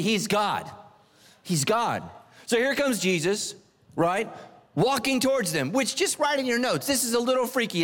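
A middle-aged man preaching a sermon in a church, animated and joking, swinging his pitch up and down for emphasis. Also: in a large hall. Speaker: pastor. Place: church sanctuary.

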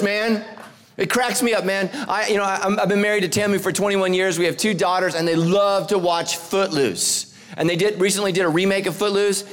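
A man in his forties preaching a humorous sermon as pastor. He jokes with the congregation, climbs to near-shouts on punchlines, and drops low and soft when he prays. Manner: animated, joking, rising to near-shouts on punchlines.

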